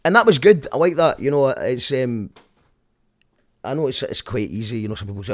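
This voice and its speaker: A man's voice: medium pitch, animated, moderate pace, no room sound, clean studio sound. A man with a Glaswegian Scottish accent in a casual, rambling rant that drifts off on tangents and keeps restarting his sentences. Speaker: vlogger.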